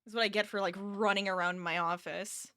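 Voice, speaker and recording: Woman, casual streamer, tired but chatty, laughs easily, crisp bright tone. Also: medium pitch, steady tone, brisk, no room sound, clean studio sound. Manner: chatty, laughs often, reads chat aloud. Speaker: crochet streamer. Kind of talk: casual live-stream chat. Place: home office.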